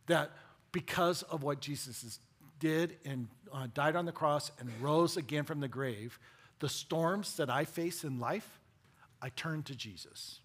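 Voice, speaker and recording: A man preaching a sermon as a pastor, dramatic and animated, swinging between loud and hushed. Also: fairly high pitch, a little slow, breathy edge.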